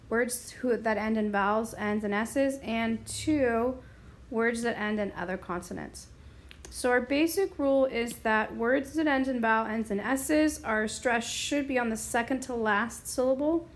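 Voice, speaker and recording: A woman teaching a lesson, explaining step by step and sounding words out slowly. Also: fairly high pitch. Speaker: Spanish teacher. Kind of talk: classroom explanation.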